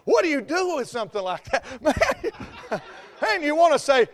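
High-voiced Appalachian preacher man. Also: big pitch swings, moderate pace. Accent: Southern US Appalachian. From Appalachia, North Carolina mountains. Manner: exuberant storytelling preacher, laughs often. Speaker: pastor. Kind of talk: sermon.

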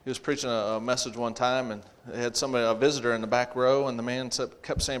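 A man preaching a sermon, emphatic, repeating phrases and pushing his voice louder to drive points home. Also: mid-range voice, fairly even intonation, rapid-fire, few pauses.

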